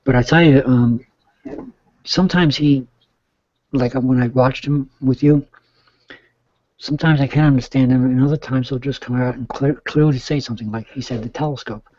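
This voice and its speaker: A man's voice: mid-range voice, fairly even intonation, normal speed, pauses often, warm tone, no room sound. A middle-aged man chatting casually as a guest, rambling with many restarts. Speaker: guest caller. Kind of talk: casual chat. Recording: dull, dry lo-fi sound.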